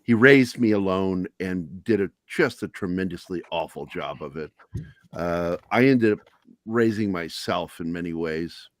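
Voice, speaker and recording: A man's voice: deep voice, a little slow, no echo. A middle-aged man hosting a talk show, telling candid personal stories in a blunt, profane, self-deprecating way. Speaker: podcast host.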